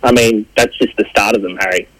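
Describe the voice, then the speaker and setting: A man co-hosting a comedy podcast, musing in a rambling, halting way. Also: fairly low pitch, steady tone, dry recording, rough recording. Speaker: podcast co-host. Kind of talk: comedic banter.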